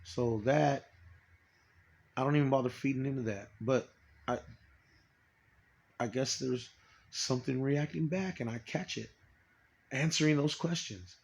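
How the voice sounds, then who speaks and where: A man in a rambling personal monologue, swearing often, stopping and restarting, and trailing off quietly. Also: mid-range voice, gravelly. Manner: profane, halting, trails off quietly.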